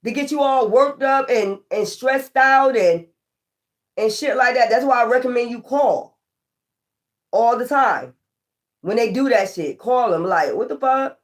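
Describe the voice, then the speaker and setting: A woman tarot reader ranting casually to her viewers, profane, animated and exasperated. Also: on the high side, unhurried.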